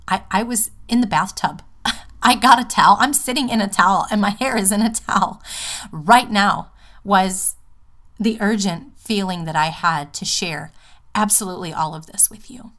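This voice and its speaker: A woman hosting her own podcast, speaking an earnest, heartfelt personal monologue from home, rambling a little with fillers and restarts. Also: medium pitch. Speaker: podcast host. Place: home, just out of the bath.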